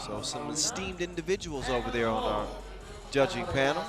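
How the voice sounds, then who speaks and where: A man giving energetic live commentary at a basketball event, casual and full of slang. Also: medium pitch, moderate pace, over music.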